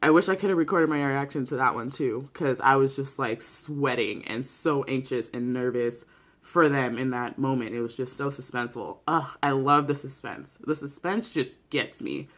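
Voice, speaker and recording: A young adult YouTuber in a casual, excitable vlog commentary, with lots of slang, swearing and fillers. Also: medium pitch, moderate pace. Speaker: YouTuber reviewing a TV series.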